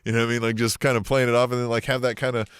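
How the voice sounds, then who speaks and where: A man co-hosting a podcast in casual chat, talking in an animated, profane way and often checking in with "right?". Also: mid-range voice, racing, clean tone, no echo. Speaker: podcast co-host.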